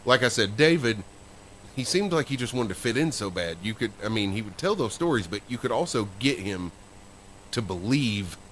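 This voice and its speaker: There's a faint hiss or hum behind this male podcast co-host, whose low, slightly bright voice is animated at a normal pace. He spins a casual, rambling story, filling gaps and restarting as he goes.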